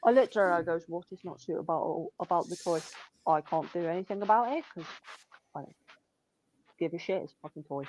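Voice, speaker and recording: A woman's voice: fairly low pitch, brisk, darkish tone, poor audio. Blunt, sweary woman ranting. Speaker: shop worker telling work stories. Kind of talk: casual chat.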